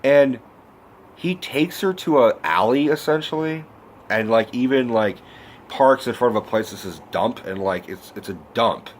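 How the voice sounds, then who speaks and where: A man in his twenties ranting about a movie in a casual vlog, swearing often and breaking into loud exclamations. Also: medium pitch, unhurried, a little hiss or hum. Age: 20s. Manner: animated, swearing, bursts of shouting. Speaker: vlogger. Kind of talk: profane movie rant.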